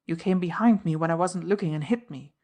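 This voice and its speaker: A woman's voice: fairly low pitch, brisk, mellow, close to an everyday voice. A woman voicing a defiant young Englishman who is posing as a cockney chauffeur, in an audiobook reading. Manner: defiant, sneering.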